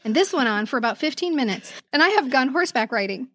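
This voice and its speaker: A middle-aged woman co-hosting a podcast in casual chat, animated and laughing often as she reads old letters aloud. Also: high voice, quick pace, no echo. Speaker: podcast co-host.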